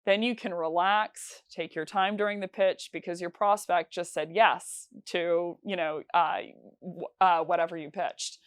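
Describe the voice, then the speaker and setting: A woman's voice: lowish voice, fairly even intonation, measured pace, clean tone, no room sound, clean studio sound. A woman teaching sales calls in a conversational, instructional talk, with frequent fillers and restarts. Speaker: sales trainer.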